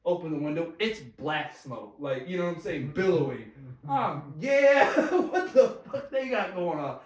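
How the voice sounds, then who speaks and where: A man with a slightly high voice tells a story, laughing and swearing. He sounds a bit off-mic, and the room around him echoes. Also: lively intonation, unhurried, far from the mic. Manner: laughs often, swears freely, slangy. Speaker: podcast guest telling a story. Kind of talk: casual storytelling.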